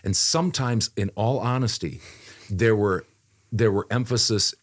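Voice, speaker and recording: Deep-voiced man chatting casually. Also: unhurried. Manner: chatty storyteller with frequent restarts. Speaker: voice actor and podcast co-host. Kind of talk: casual chat.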